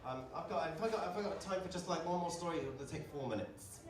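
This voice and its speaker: A man's voice: a little high, quick pace, heavy background noise. A man doing a stand-up comedy set in a pub, chatting with the crowd, swearing often and checking in with "right?" as he tells his stories. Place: comedy pub stage before a live audience. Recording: echoey pub room, distant mic, audience laughter.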